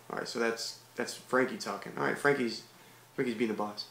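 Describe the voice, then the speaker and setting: A man's voice: medium pitch, fairly even intonation, brisk, gravelly, fairly bright tone. A man casually reading a comic aloud and commenting on it in a laid-back, slangy way. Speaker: comic read-along host. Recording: echoey room with background hiss.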